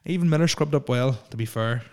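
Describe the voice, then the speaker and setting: A man's voice: mid-range voice, brisk. Rambling man podcasting solo. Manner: rambling, stammering, frequent fillers and restarts. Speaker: podcast host. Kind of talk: casual solo podcast chat. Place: alone in a house.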